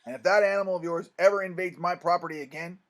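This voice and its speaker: A man voicing an irascible, hot-tempered small-town minister who blusters and shouts threats in a storybook reading. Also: high voice, fairly even intonation, quick pace. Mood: stern threatening.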